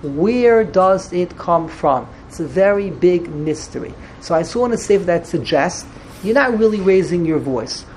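A woman's voice: fairly low pitch, a little slow. Woman giving a torah class, gets worked up, stumbles and restarts a lot, hebrew and yiddish terms everywhere, faint noise behind. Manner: animated, jumps into dramatized dialogue with Hebrew and Yiddish terms; frequent restarts and stammers when excited. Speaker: Torah teacher. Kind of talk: Torah lecture.

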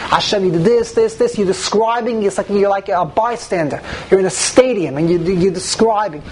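A woman leads a religious text class in a mid-pitched voice, working through each point out loud. She keeps posing rhetorical questions and then answering them herself. There is a faint hum in the background. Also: rough recording. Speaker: teacher.

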